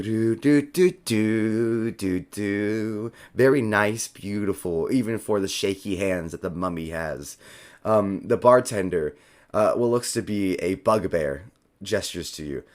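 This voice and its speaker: Man running a tabletop game. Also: deep voice. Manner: laughing often, loose and playful. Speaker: dungeon master.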